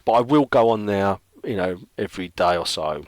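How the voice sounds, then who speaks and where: Man, middle-aged, very deep voice, dry close sound, rambling casual narration. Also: lively intonation, moderate pace, no room sound. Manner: rambling, thinking aloud with many fillers. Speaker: illustrator. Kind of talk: casual narration while drawing.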